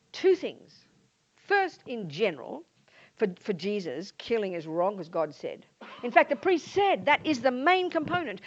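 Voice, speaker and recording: Older Australian woman, Buddhist nun, dharma talk, high swooping voice, dull lo-fi sound. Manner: animated, acts out quoted voices. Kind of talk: dharma talk to a live audience. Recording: muffled lo-fi talk recording.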